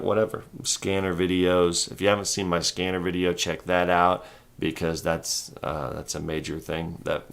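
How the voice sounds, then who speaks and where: A man hosting a stock trading livestream in casual chat. He speaks calmly and rambles, with little inflection. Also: creaky. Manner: calm, low-key, rambling delivery with little inflection.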